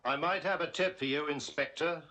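A man's voice: on the high side, moderate pace, sharp tone, slight background noise. An actor playing a man eagerly giving the inspector a tip. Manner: eager, urgent.

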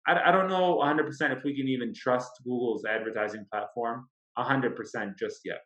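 A man as a marketing expert guest in a casual interview, explaining step by step in a measured, thoughtful way. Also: mid-range voice, a bit bright. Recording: echoey, dull lo-fi sound.

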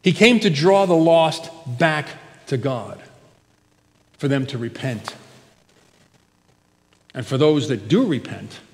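A pastor preaching a sermon, his voice rising loud and falling quiet for emphasis. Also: mid-range voice. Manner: expressive preaching, swells loud then drops soft. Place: church sanctuary. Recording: church hall with long reverb.

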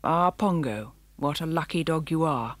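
A woman voicing a kindly old male spaniel who speaks softly and warmly, in an audiobook reading. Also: sits low, unhurried, no room sound. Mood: fatherly. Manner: soft, fatherly, sometimes whispered.

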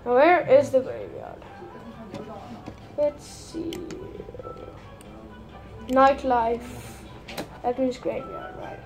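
A woman's voice: fairly high pitch, wildly swooping pitch, slow, soft background music. A woman using a put-on Irish accent, giving rambling, hesitant gameplay commentary full of fillers. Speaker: gamer.

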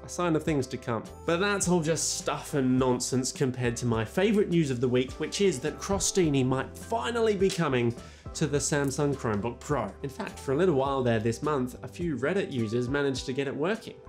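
A man's voice: mid-range voice, lively intonation, brisk, soft background music. A man hosting a scripted tech news roundup in a playful, wry and theatrical manner. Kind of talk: scripted video narration.

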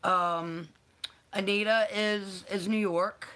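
Slow-talking woman host. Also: medium pitch, fairly even intonation, a bit bright. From North Carolina. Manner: affectionate, calls viewers honey and baby. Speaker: channel host. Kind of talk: live-stream chat, greeting viewers.

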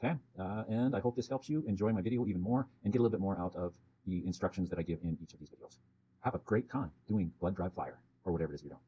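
Chatty male teacher, low mellow voice, fast delivery, keeps asking "okay?". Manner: chatty, repeats "okay?" to check in. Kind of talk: casual video tutorial for students. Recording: dull lo-fi sound with faint background noise.

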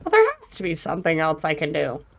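A woman's voice: low-pitched, wildly swooping pitch, fast, creaky, a little hiss or hum. A young woman giving sarcastic let's-play commentary, talking to herself as she plays and swearing freely. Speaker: gaming streamer.

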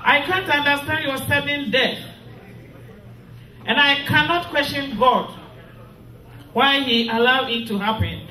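A middle-aged woman from Ghana, slowly reading a grieving, tearful funeral tribute as a widow. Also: sits high, bright, forceful tone. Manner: slow, grieving, tearful delivery. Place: funeral hall. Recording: echoey hall from far off with music.

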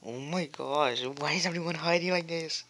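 Low-voiced woman rambling over gameplay. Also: normal speed, a bit bright. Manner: rambling, jumpy, many fillers and repeats. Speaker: gamer. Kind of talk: live gameplay commentary.

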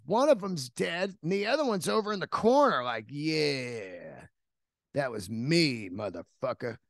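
A man's voice: high-pitched, gravelly, dry recording, clean studio sound. A middle-aged man hosting a podcast, telling stories in a rambling, profane, casual monologue. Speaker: podcast host.

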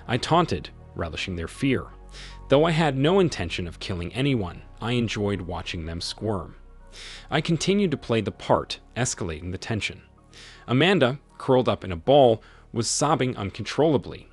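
A man narrating a story in a low, husky voice. His reading is measured and dramatic, with soft music underneath. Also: very animated. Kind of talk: scripted first-person story narration.

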